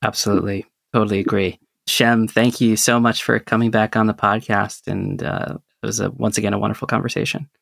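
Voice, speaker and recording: A male podcast host with a low, gravelly voice gives a brief, formal sign-off. The recording is dry and close. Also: flat delivery, a little fast, few pauses, a bit bright, no echo.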